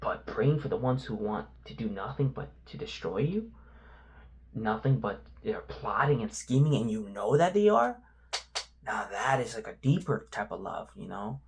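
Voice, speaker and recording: Male vlogger sharing his struggles with faith in a candid, halting, reflective way. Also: fairly low pitch, animated, slight background noise. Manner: reflective, halting, lots of "you know" fillers.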